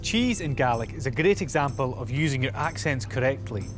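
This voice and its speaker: A man's voice: mid-range voice, expressive, brisk, over music. A man presenting on location in a playful, punning way. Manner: punning, jokey.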